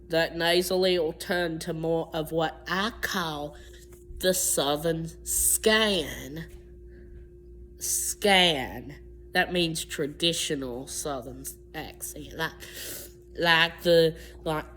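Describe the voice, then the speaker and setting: A woman's voice: lowish voice, a little hiss or hum. A woman talking unscripted in a video, rambling through her points with frequent restarts and self-corrections. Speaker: vlogger explaining accents. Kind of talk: unscripted explainer talk.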